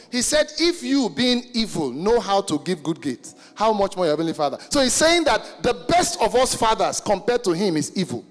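A man preaching a sermon emphatically and calling out to the congregation. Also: sits high. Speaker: pastor. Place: church hall. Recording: reverberant hall with soft music.

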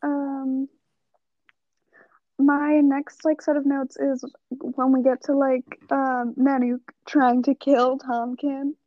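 A woman's voice: sits high, flat delivery, slow, dark tone, lo-fi sound. A woman co-hosting a podcast in casual chat, making dry, teasing remarks. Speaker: podcast co-host.

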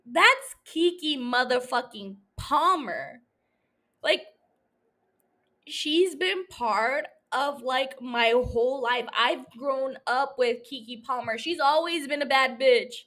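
Slow, rambling, swearing young woman podcaster. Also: high voice, pushed and bright. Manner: rambling, swearing, self-mocking with frequent laughs. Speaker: podcast host. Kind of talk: casual solo podcast chat.

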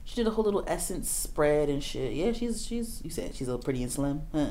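A woman co-hosting a casual chat podcast, animated and swearing, firing off repeated disbelieving questions. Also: deep voice, brisk, slight background noise.

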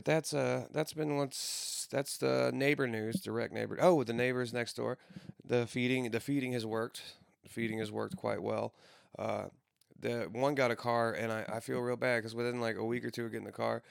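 A man's voice: mid-range voice, vocal fry, clear, resonant tone, dry recording, clean studio sound. A man in his thirties rambling through casual, profane stories with frequent restarts. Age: 30s.

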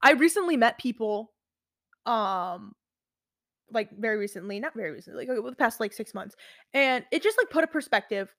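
A woman's voice: on the high side, animated, fairly quick, fairly bright tone, dry recording, studio quality. A young woman in her twenties chatting casually with a friend, rambling with many restarts and fillers. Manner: rambling, heavy use of "like", frequent restarts. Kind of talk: casual chat.

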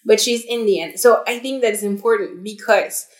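Speaking at medium pitch and normal speed, this young woman co-host tells stories chattily, with plenty of fillers and false starts. The podcast is recorded in an echoey room.

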